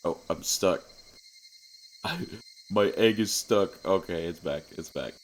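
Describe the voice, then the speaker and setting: A young man chatting casually while streaming a game, rambling and often breaking into high-pitched laughter. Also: slow pace, a little hiss or hum. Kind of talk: casual livestream gaming chat.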